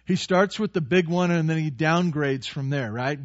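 A man preaching a sermon as a pastor, telling stories and growing animated when he quotes. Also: fairly high pitch, a little slow, hardly any pauses, no room sound. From United States. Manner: storytelling, animated when quoting. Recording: dull lo-fi dry sound.

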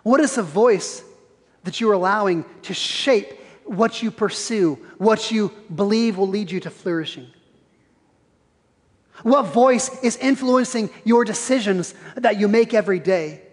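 A man's voice: sits high, animated, unhurried, slightly rough. A man preaching a sermon in a church, earnest and probing, asking the congregation pointed questions. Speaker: pastor. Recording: reverberant church hall.

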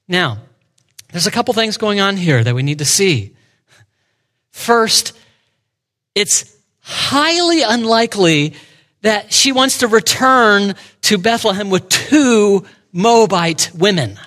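A man delivering a sermon in a fairly high voice, walking his listeners through a passage verse by verse. He sometimes drops to a near whisper to stress a point. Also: lively intonation, measured pace. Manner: expository preaching with dramatic dips to a hushed voice. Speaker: pastor.

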